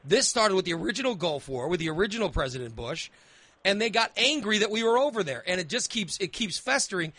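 A male talk radio host who argues emphatically, circling back over his own phrases as he pushes his point. His voice sits high and sounds bright and forceful. The studio sound is dry and close. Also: animated, fast, no room sound. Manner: emphatic, argumentative, repeats phrases. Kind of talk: opinionated talk radio debate.

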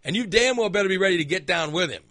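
A man hosts a talk show, firing off opinions in a sarcastic, exasperated rant. His voice is forceful and bright, sitting somewhat high for a man. It is recorded dry and close on a studio microphone, with no room sound. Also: animated, rapid-fire, dry recording.

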